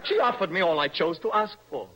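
An actor playing a nervous, passionate young poet in an old-style radio drama, with a breathy, lyrical, theatrical delivery. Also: male voice, high-pitched, lively intonation, brisk, bright, forceful tone, full character voice, rough recording. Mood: impassioned. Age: young adult. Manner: swings between dreamy and impassioned outbursts. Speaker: romantic rival.

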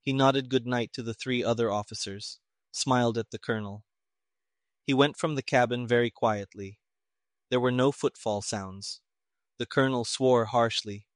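A man reading a story aloud in measured, even audiobook narration. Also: medium pitch, dry recording, studio quality.

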